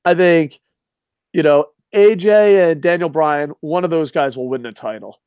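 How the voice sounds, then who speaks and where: A man's voice: fairly high pitch, a little slow, darkish tone, smooth, no echo, studio quality. A man co-hosting a casual wrestling talk show, ranting in a heated, profane way. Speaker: podcast co-host.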